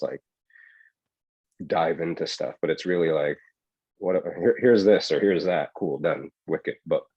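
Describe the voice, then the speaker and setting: A man's voice: low-pitched, darkish tone, slightly rough, no echo, lo-fi sound. A man co-hosting a podcast, talking in a loose, rambling way full of "right?" and "yo". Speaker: podcast co-host. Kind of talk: casual chat.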